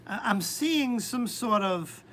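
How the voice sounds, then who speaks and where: A woman hosting a live-stream tarot reading, talking hesitantly with many pauses and ums. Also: a little high, animated, a bit bright, slight background noise.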